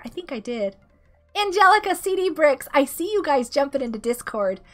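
A woman in her thirties, sick with a rough throat, chatting casually and giggling as she greets viewers during a game stream. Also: high voice, a bit bright. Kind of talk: casual live-stream chat while gaming. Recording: faint music behind the voice.

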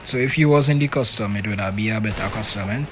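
A man's voice: lowish voice, fast talker. Teasing male game streamer. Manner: animated, teasing, keeps tacking on "boy". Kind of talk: live gaming stream chatter. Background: music.

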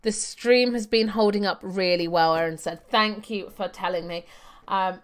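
A woman's voice: medium pitch, normal speed. A young adult woman giving chatty live gameplay commentary, thinking aloud with fillers and laughing often. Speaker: game streamer.

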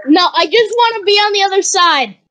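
A woman's voice: very high-pitched, expressive, a little fast, a bit bright. A woman player in a game voice chat, whiny and pleading. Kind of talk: casual gaming voice chat.

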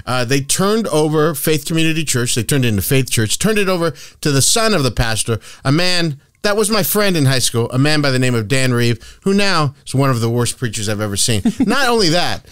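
Profane, excitable man hosting a podcast. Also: mid-range voice, brisk, hardly any pauses, clean tone, dry recording, studio quality. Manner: profane, excitable storytelling with loud bursts. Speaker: podcast host. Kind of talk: casual comedic podcast chat.

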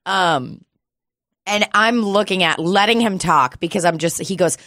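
A young woman co-hosting a podcast, spinning a lively story with frequent laughter and quick impressions of the people in it. Her voice sits on the low side, and the recording is dry and close with no room sound. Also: dry recording. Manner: animated storyteller, laughs often, mimics customers. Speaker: podcast co-host. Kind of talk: casual storytelling chat.

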